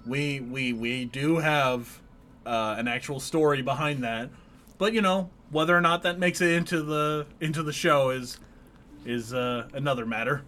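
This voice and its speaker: Bright-voiced man rambling on a stream. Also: mid-range voice. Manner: rambling, halting with many fillers and restarts, reading chat comments aloud. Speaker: streamer co-host. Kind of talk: casual live-stream chat.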